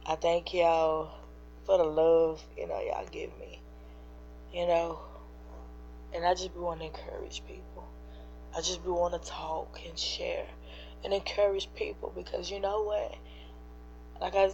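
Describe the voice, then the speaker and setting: Speaking with a warm, fairly low voice and some vocal fry, this livestream host is teary-eyed as she encourages her audience. Her emotional chat is earnest and preachy, aimed straight at the chat, and the lo-fi stream audio is dull with a faint hum underneath.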